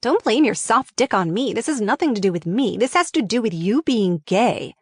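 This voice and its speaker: A woman's voice: on the high side, big pitch swings, moderate pace, husky, no echo, clean studio sound, full character voice. A woman voicing a blunt young woman ranting to a friend, while reading a script aloud. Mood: indignant. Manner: blunt, indignant.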